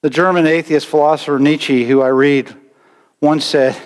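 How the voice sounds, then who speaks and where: A male pastor preaching a sermon with animated delivery and sudden loud bursts. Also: a little high, moderate pace. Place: church sanctuary. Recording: long church reverb.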